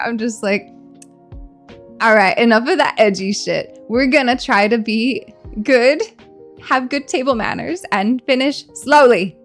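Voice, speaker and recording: A woman streamer chatting casually with her viewers, animated and teasing, laughing often, while she eats. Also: mid-range voice, normal speed, faint music behind. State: hungry, eating during stream. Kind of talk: casual live-stream chat.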